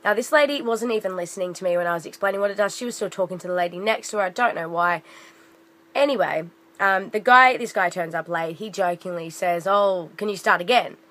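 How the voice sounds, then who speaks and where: A woman's voice: on the low side, quick pace, a bit bright. A young woman vlogger telling a story in a casual, rambling rant full of fillers and restarts.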